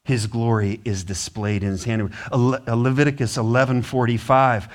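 An American man preaches from the pulpit in a mid-pitched voice. He leans hard on repeated words and drops to a hush between louder, stressed phrases. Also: fairly even intonation, moderate pace, few pauses. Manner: emphatic, repeats words for stress, swings from loud bursts to low hushed passages. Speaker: pastor. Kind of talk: sermon.

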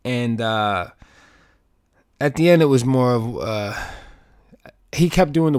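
A man's voice: mid-range voice, expressive, a little slow, pauses often, darkish tone, clean tone, no echo, clean studio sound. A young man telling a profane, rambling comedy story, acting out both sides of the conversations.

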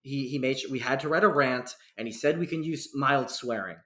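A man's voice: mid-range voice, fairly quick, fairly bright tone, echoey room. A young man from New York, hosting a casual podcast and rambling through a story with plenty of swearing. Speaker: podcast host.

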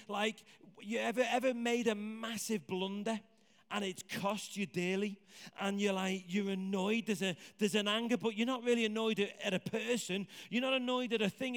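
A man preaching a sermon in a conversational, animated way, asking the congregation questions. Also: high voice. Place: church hall with congregation. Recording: hall reverb.

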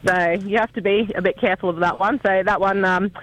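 A man's voice: high-pitched, steady tone, fairly quick, noisy background. A man chatting as a guest on a radio show, giggly and laughing often. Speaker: lodge operator, studio guest. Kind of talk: casual radio chat.

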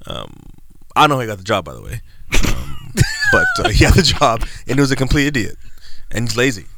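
A man's voice: mid-range voice, wildly swooping pitch, brisk, vocal fry, heavy background noise. A man hosting a casual podcast, rambling through stories and laughing often as he drifts off topic. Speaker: podcast host.

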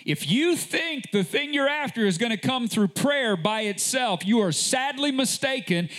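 A man pastor preaching a sermon, emphatic, with repeated rhetorical questions and a deliberate delivery. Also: a bit bright. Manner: slow, deliberate delivery with sudden rises in pitch.

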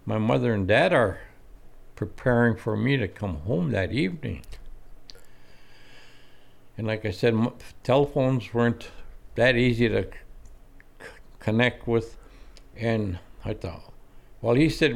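Older man, gravelly voice, telling old stories, quotes people in character. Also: mid-range voice, moderate pace, long pauses. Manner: reminiscing, acts out quoted voices. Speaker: guest. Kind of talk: storytelling.

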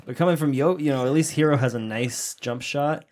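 A man's voice: a little high, brisk, slight background noise. A man co-hosting a casual sports podcast, swearing often and joking around. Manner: swears often, jokey and animated. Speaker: podcast co-host.

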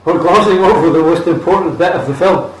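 A man's voice: on the high side, quick pace. A man in casual, sweary chat about a film, making mocking asides. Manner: crude, mocking, chuckling asides. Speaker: podcast co-host. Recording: echoey room, far from the mic.

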